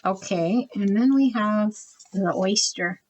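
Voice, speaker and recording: A woman giving a pick-a-card tarot reading, talking quietly and evenly and reading card meanings as lists of words. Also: takes it slowly, muffled recording. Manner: quiet, even and low-key, trying not to be loud early in the morning. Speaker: tarot reader.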